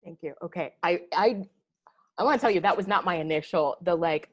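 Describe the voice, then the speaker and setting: A woman's voice: on the low side, fairly quick. A woman co-hosting a podcast, telling a story in casual chat and acting out the emails she got with exasperated flair. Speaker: podcast co-host.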